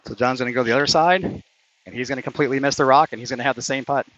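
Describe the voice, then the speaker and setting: On an outdoor mini golf course, a man gives casual play-by-play of his own round, calling each shot and getting openly frustrated and swearing when shots go badly, like missed putts. His bright, mid-range voice is a little tense, rapid-fire, and fairly even in intonation, and the stream audio sounds dull and lo-fi.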